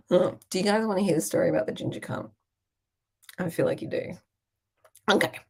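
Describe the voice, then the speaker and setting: Brief: Australian woman, regional accent, relaxed chatty Q&A host, gravelly and husky. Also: mid-range voice, moderate pace. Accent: Australian, regional Queensland. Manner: chatty, swears casually. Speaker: business coach hosting a Q&A. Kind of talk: casual live Q&A storytelling.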